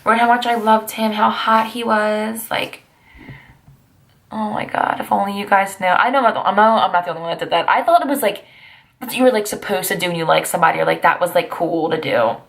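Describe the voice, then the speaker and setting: A young woman in her twenties rambles through old memories in a confessional vlog. She talks casually, with a gravelly fry in her voice and sassy little asides. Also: medium pitch, a little fast. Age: 20s. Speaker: vlogger.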